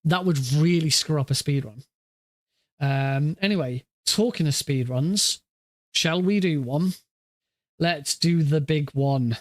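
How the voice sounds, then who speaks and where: Chatty male streamer with a slightly high voice. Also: slow pace, no echo, studio quality. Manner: rambling, self-correcting, chatty. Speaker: speedrun streamer. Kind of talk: casual live-stream chat.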